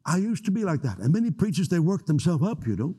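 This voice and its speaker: A pastor preaching in a relaxed, conversational way, with joking asides, easing into prayer. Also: male voice, on the high side, quick pace, slightly rough. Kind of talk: sermon.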